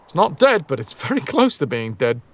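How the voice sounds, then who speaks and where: A man's voice: a little high, sing-song, normal speed, a bit bright. A man streaming a video game, chatting casually with his viewers, reading their messages aloud and swearing freely. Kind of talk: casual live-stream chat.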